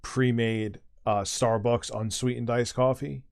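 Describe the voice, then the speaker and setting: A man's voice: mid-range voice, steady tone, measured pace, vocal fry, clean tone. A middle-aged man chatting casually as a streamer, telling a long rambling anecdote with swearing and restarts. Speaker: streamer and host. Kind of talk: casual chat, storytelling.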